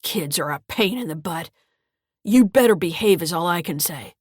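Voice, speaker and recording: A woman playing a mean, gruff old grandfather who talks in a gravelly, curt and bullying way. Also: on the low side, lively intonation, normal speed, a little mellow, no echo, clean studio sound.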